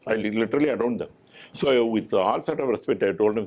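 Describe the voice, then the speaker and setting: A middle-aged man, a doctor telling an anecdote in an animated way, with frequent stumbles and restarts. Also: on the low side, quick pace. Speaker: doctor giving a talk. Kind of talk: anecdotal storytelling talk.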